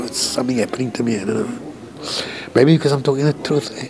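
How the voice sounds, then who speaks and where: A man's voice: mid-range voice, quick pace, a crowd in the background. A man, a composer, talking candidly and emotionally in a rambling, profane way from a hospital room.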